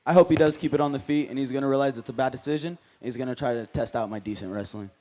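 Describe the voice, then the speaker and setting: A man's voice: medium pitch, racing, mellow. A man, a fighter, answering with confident trash talk at a press conference.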